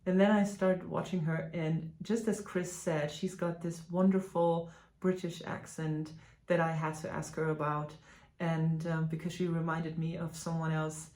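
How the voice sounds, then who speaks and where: A woman's voice: low-pitched, flat delivery, a little slow, a little mellow. A woman from Germany, a native German speaker, chatting casually to camera as a stitching vlog host, with many fillers and restarts. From Germany (Hanover). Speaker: flosstube host. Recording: echoey room.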